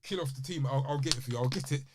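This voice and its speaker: A young man, co-hosting a casual podcast. He talks fast and insistently and keeps repeating his words. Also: medium pitch, heavy background noise. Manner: rapid, repeats himself, insistent. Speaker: podcast co-host. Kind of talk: casual chat.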